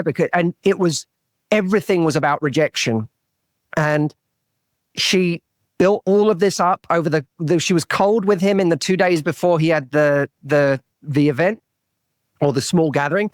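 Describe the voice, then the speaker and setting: Guesting on a podcast, a relationship coach in a slightly higher register recounts a story at normal speed, earnestly searching for words and frequently restarting and repeating himself mid-sentence. The recording is dry and close, with almost no room sound.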